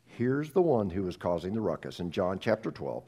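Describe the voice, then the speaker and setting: A middle-aged male pastor preaching a sermon, telling a story with animated delivery and frequent restarts. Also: low voice, moderate pace, slightly rough.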